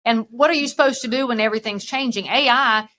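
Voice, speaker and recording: A woman's voice: on the high side, fast. A woman with a Southern US accent, a real estate broker talking frankly in a podcast interview. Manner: frank, lively storyteller.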